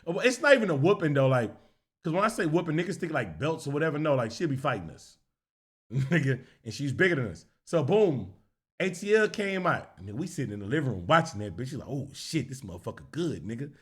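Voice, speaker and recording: Loud, profane man telling stories. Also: fairly high pitch, very animated, brisk, slightly rough. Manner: loud, profane, laughing, acts out characters. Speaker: streamer. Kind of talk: animated storytelling.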